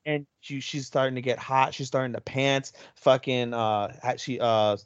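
A man chatting on a casual anime podcast, recapping scenes with loose, profane enthusiasm. His voice sits mid-pitch and sounds close and dry. The sound is a little muffled, like a basic home mic. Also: normal speed, smooth, dry recording. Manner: energetic retelling, swears freely, slips into Japanese phrases. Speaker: podcast co-host.

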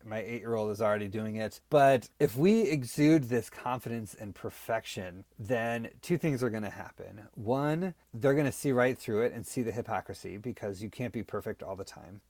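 A man in his thirties talks in an earnest, storytelling way, as on a relaxed podcast. His voice sits at an ordinary middle pitch. The recording is close and dry, with no room sound. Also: dry recording. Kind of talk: casual podcast talk.

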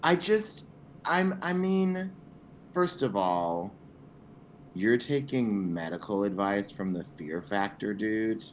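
A man co-hosting a casual podcast, sassy in his reactions and quick to break into angry rants. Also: on the low side, animated, a little hiss or hum. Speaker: podcast co-host. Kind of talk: casual chat.

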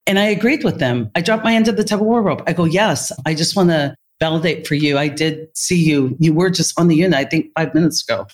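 Lively woman telling stories as a guest. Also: low voice, fast talker, hardly any pauses. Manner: animated storyteller who acts out quoted dialogue. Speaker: interview guest, therapist and speaker. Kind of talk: storytelling in conversation.

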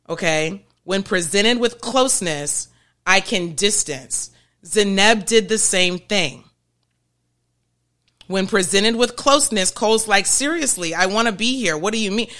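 A woman hosting a podcast, explaining ideas in a chatty, animated way and often checking in with her listeners. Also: medium pitch. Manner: chatty, keeps checking in with "okay?" and "right?"; animated, laughs between points. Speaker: podcast host. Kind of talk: casual explanatory podcast talk.

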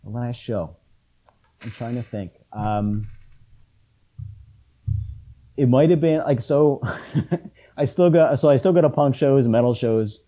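A middle-aged man chatting casually about concerts, often halting and restarting his sentences with ums. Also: mid-range voice, warm tone, dull audio. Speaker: punk fan in conversation. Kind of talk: casual chat.

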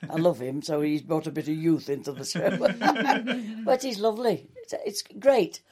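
Older woman, mellow-toned, chatty storyteller telling showbiz anecdotes in an interview. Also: lowish voice, moderate pace, breathy edge. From England. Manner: chatty, warm anecdotes with quoted dialogue. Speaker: soap actress. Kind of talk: reminiscing interview.

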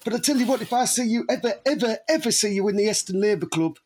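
A man's voice: high voice, expressive, fast talker, a little mellow, a little hiss or hum. A man co-hosting a podcast, ranting and swearing in rambling casual banter. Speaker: podcast co-host.

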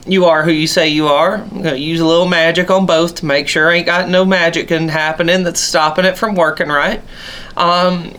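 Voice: medium pitch, a bit bright, lightly acted. A game master voicing a welcoming, folksy male tribal king of a roaming tribe in a tabletop game. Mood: businesslike.

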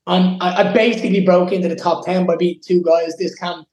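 A man's voice: high-pitched, flat delivery, fairly quick, a little mellow, roomy sound, poor audio. A young Irish man giving an interview, talking with intense emotion and swearing freely. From Ireland. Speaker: guest fighter. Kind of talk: casual interview.

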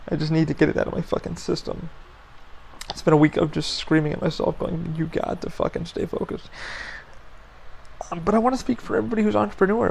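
A man hosting a solo podcast, venting his frustration in a gravelly voice full of fry and heavy swearing. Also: fairly high pitch, a little mellow. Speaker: podcast host.

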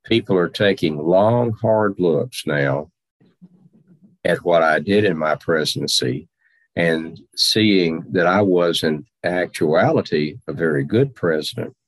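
A man portraying an aging Civil War general and president in first person, speaking with slow, deliberate, formal phrasing. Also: deep voice, dry recording. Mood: earnest. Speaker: historical reenactor in character.

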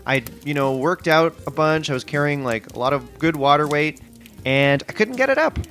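Male comedy co-host, earnest and easily impressed, lively pitch swings, faint music behind. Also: normal speed. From Canada. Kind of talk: improvised comedy chat.

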